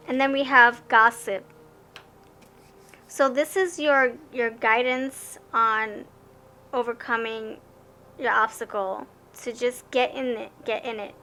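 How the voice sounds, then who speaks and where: A bright, higher-pitched young woman talks through a tarot reading in a loose, rambling way. She often stumbles and restarts words, and her voice is clear and forward. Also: fairly even intonation, slow pace, long pauses. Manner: chatty, rambling, stammers and restarts. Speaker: tarot card reader. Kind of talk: casual tarot reading to camera.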